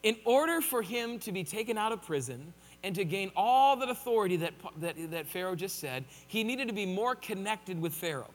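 A man's voice: high voice, very animated, normal speed, few pauses, in a large hall. A man preaching a sermon in a conversational way, with joking asides. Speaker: pastor.

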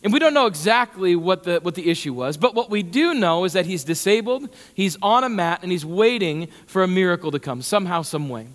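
Casting: a high-pitched male pastor, chatty and animated, with a long hall echo. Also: fairly quick, few pauses. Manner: conversational, repeats words, gets animated. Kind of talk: sermon.

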